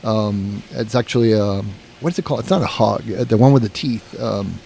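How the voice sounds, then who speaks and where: A man's voice: lowish voice, a little fast, creaky, darkish tone, slight background noise. A man telling a long story in a casual podcast chat, rambling, swearing and restarting his sentences. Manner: rambling, profane, full of "you know" and restarts.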